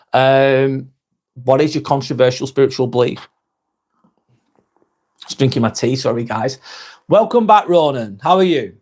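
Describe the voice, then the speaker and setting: Chatty man hosting a live vlog. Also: on the high side. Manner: chatty, reads viewer comments aloud and answers them warmly. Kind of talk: casual live-stream chat reading comments.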